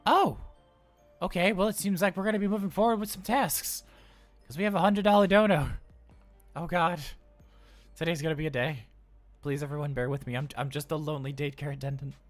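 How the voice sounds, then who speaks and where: Voicing a male robot daycare attendant who is both anxious and cheerful, a livestream role-player speaks briskly in a voice on the high side, near his everyday sound. The robot is chatty and flustered, rambling with stammers, with soft music behind.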